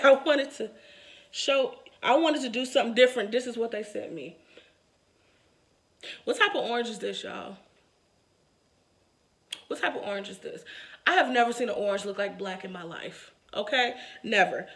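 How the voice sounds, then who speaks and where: High, bright-voiced exasperated woman vlogger. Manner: exasperated, emphatic, addresses viewers directly; animated, laughs through complaints. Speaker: wig reviewer and channel host. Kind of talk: casual review vlog.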